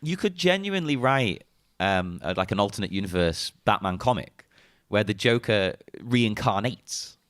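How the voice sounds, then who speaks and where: A man's voice: fairly low pitch, animated, moderate pace, a bit bright, no echo, studio quality. A man co-hosting a podcast, talking about a film with wry, playful, mock-serious humor. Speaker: podcast co-host. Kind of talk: casual film chat.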